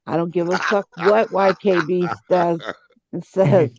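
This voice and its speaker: A man's voice: high voice, fairly even intonation, measured pace, no room sound. A man in a casual group chat, speaking bluntly and swearing. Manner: blunt and profane.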